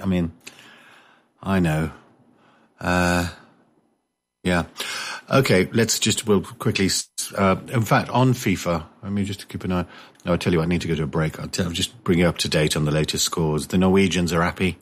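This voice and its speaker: A man's voice: low-pitched, normal speed. A man hosting a talk radio show, chatting casually with a rambling, jokey manner and many hesitations.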